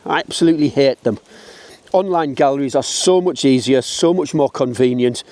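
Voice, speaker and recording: A man's voice: mid-range voice, moderate pace, a little mellow, no echo. A middle-aged man with a British English accent talking bluntly and chattily to camera while walking uphill outdoors, a little out of breath. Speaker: wedding photographer. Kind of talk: casual walking vlog to camera.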